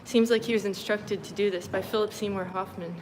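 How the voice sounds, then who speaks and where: A woman on a live stream, reading her diary entries aloud in a flat, deadpan way with casual asides. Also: medium pitch, a little fast, noisy background. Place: moving between venues and a car.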